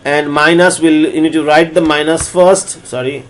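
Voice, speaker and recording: A man's voice: a little high, fairly even intonation, a bit bright. Man explaining calculus, repeating steps. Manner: repeats steps slowly, restarts phrases. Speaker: lecturer. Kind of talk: recorded math lecture.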